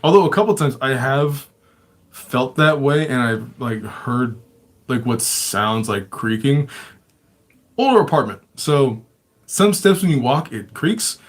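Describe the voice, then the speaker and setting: Telling his own stories in a relaxed way, this man hosting a show swears nonstop and laughs frequently. His medium-pitched voice is expressive and a little slow.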